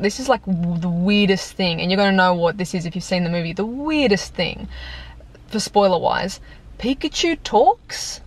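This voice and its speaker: Chatty young woman ranting about a movie. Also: fairly low pitch. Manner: chatty and exasperated, lots of "like", breaks into laughter. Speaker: video reviewer. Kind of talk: casual movie review rant. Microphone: compact camera on tripod.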